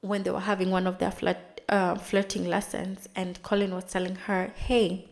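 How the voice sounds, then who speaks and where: A woman's voice: medium pitch, monotone, gravelly. Woman host, casual recap commentary, chatty storytelling delivery. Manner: chatty, retells scenes with quick dramatized asides. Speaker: TV recap vlogger.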